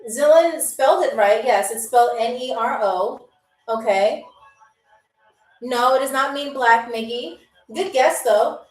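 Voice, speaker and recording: A woman's voice: fairly high pitch, unhurried, reverberant, far from the mic, rough recording. A woman from New York hosting a live-stream game show, chatty and playful as she answers viewers' comments.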